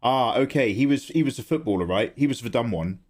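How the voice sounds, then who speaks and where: A young livestream artist chats while he draws, bouncing between subjects and laughing often through rambling anecdotes. He talks briskly in an expressive, medium-pitched voice with a darkish tone.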